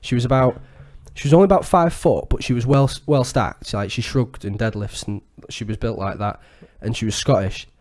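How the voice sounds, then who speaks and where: A young man in his twenties, co-hosting a podcast and telling a crude story in casual, animated chat full of swearing. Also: mid-range voice, a little fast, hardly any pauses. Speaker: podcast co-host.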